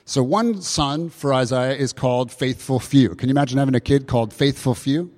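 A man preaching a sermon, explaining scripture with lively emphasis and rhetorical questions. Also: medium pitch, brisk. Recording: long hall reverb.

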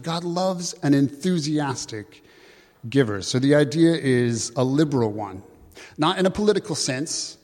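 A man preaching a sermon in an earnest, conversational way, slowing down to read scripture aloud. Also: medium pitch, a little mellow. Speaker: pastor. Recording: long hall reverb.

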